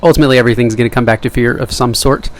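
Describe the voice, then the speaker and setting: This young vlogger's casual monologue drifts from self-mocking jokes to side remarks. His mid-range voice stays steady and comes out rapid-fire.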